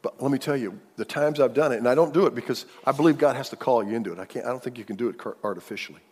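Husky-voiced male pastor preaching in a hall. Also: mid-range voice, rapid-fire, a little mellow. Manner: conversational preaching with repeated words and acted prayers. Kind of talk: sermon.

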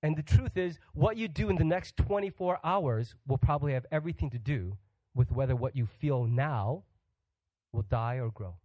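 A man preaching with a raised, bright-leaning voice, recorded close and dry with no room echo. He keeps it humorous, throwing questions at the congregation and slipping into quick acted voices. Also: a little high, expressive, muffled recording. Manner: humorous, acts out quoted voices; asks the audience questions. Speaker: guest pastor. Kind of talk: sermon.

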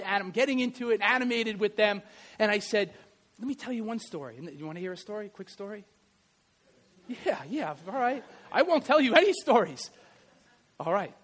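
A middle-aged man preaches with a strikingly high voice. He tells his stories with animation, dropping soft and then building loud again. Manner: animated storytelling, varies loudness widely. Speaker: pastor and history teacher. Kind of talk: sermon.

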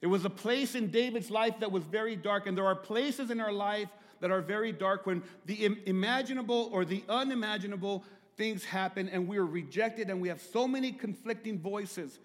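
High-voiced preacher in a reverberant hall. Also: male voice. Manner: swings from hushed, slow phrases to loud, high crying out. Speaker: pastor. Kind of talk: sermon.

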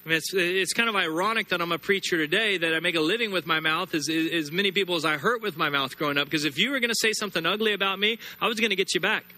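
A preacher with a high, bright, cutting voice delivers a sermon. He drives his points with repetition and stretches key phrases slowly for weight. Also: slight background noise. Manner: emphatic, repeats words and builds phrases, slows sharply on scripture.

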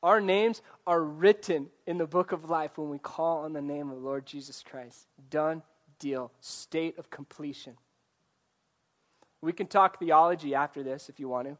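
Earnest male preacher, slightly high voice. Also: fairly even intonation, a little slow, fairly bright tone. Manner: earnest, asks the congregation direct questions. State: choked up, coughing. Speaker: pastor. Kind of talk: sermon.

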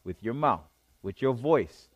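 A man's voice: medium pitch, expressive, measured pace, dry recording, lo-fi sound. Guy pastor going through a bible passage, keeps asking yeah? okay?, mid voice, dry sound. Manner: conversational, checks in with the listeners often. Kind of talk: sermon reading and explaining scripture.

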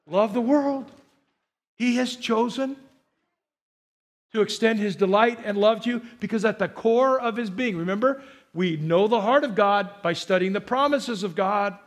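High-voiced animated male pastor. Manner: animated, repeats phrases, coaxes the congregation to respond. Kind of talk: sermon. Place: church.

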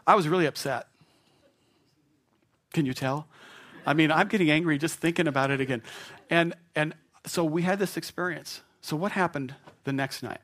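A middle-aged male pastor preaching a storytelling sermon in an animated, self-mocking way, chuckling as he goes. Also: a little high, moderate pace.

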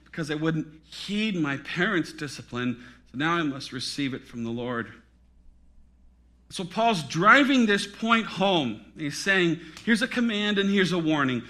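Man, pastor, middle-aged, sermon, slow deliberate delivery, bright tense tone. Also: fairly high pitch, lively intonation. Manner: dramatic preaching with sudden loud rises and hushed drops.

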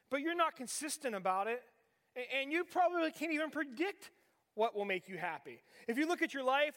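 High-voiced pastor in a reverberant hall. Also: male voice, a bit bright. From western Pennsylvania. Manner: conversational, asks the audience rhetorical questions. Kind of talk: sermon. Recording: long reverb of a large hall.

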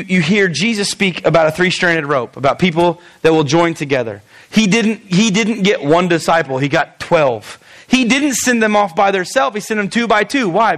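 A male pastor preaching a lively, conversational sermon, with frequent stammered restarts. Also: high voice.

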